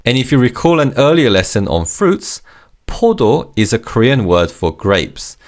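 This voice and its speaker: A man's voice: mid-range voice, sing-song, moderate pace. A man teaching vocabulary in a scripted lesson, patiently saying each word twice and praising the learner. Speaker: language teacher.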